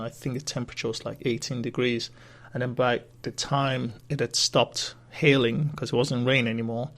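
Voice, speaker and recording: A man's voice: medium pitch, fairly bright tone. A man hosting his own podcast, chatting in a rambling, casual way and swearing freely. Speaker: podcast host. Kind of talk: casual solo podcast chat.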